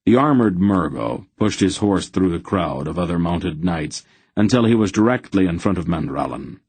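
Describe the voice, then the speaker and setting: A man narrating an audiobook in a measured, steady storytelling manner. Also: deep voice, breathy edge, dry recording. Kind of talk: scripted narration.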